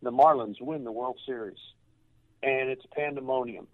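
A former baseball coach, now older, recounts something deeply personal on a tinny phone connection. Speaking in a mid-range voice without echo, he stumbles and repeats himself as emotion moves him to tears.

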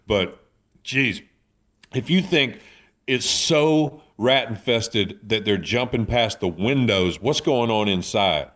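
A man's voice: fairly low pitch, slow pace. A middle-aged man, telling funny stories in a casual chat as a co-host. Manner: animated storyteller, folksy and joking.

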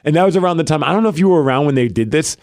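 A man's voice: a little high, expressive, racing, darkish tone, dry recording, studio quality. A man in his forties co-hosting a podcast, bantering and teasing in casual chat. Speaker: podcast co-host.

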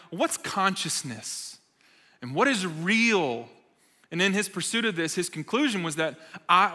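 A man's voice: high voice, sharp tone. A man preaching to young adults, telling stories in a conversational, emphatic way with self-deprecating humor. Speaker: speaker at a young adults' church gathering. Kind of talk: sermon. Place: church meeting hall. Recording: reverberant hall sound.

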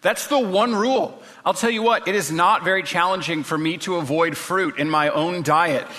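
A man's voice: sits high, moderate pace, pushed and bright, big-room sound. A man preaching a sermon as pastor, earnest and full of rhetorical questions.

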